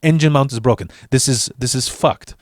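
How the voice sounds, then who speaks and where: A man's voice: medium pitch, moderate pace, no room sound, clean studio sound, close to an everyday voice. A man voicing a blunt mechanic who talks in short, broken phrases and swears. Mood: insistent. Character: blunt, pushy male mechanic.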